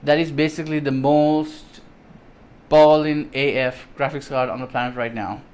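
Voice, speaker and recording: A man's voice: on the high side, fairly even intonation, moderate pace, a little mellow. A man vlogging an unboxing of computer parts in enthusiastic, rambling casual chat, with many ums and restarts. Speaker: tech vlogger.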